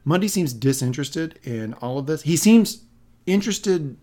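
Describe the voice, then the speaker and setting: A man's voice: fairly high pitch, animated, normal speed, a little mellow. Wry, rambling male podcast co-host. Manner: rambling, self-correcting, wry asides. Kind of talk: casual podcast recap.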